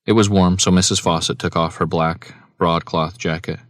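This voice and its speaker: A man narrating an audiobook in a measured, even reading voice on a close mic. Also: deep voice, dry recording. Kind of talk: scripted narration.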